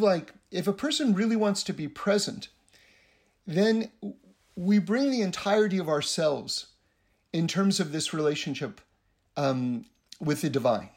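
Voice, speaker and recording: A man giving a casual spiritual teaching, rambling and often repeating his words. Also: high-pitched.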